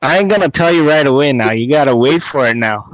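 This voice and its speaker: A man's voice: mid-range voice, expressive, fast, no room sound, low-quality recording. A man from Canada calling in to a live chat, laid-back and teasing. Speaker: caller.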